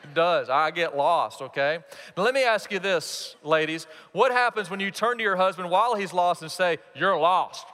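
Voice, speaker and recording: A man preaching a sermon as pastor, animated and playing out quoted voices. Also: sits high, moderate pace. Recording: reverberant hall.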